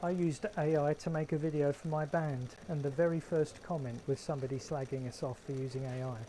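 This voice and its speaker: A man's voice: a little high, fairly even intonation, fairly quick, mellow, a little hiss or hum, poor audio. A man with a London accent hosting a casual live stream from his garden shed, chatting with viewers in a wry, joking way. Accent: London English. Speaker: livestream host.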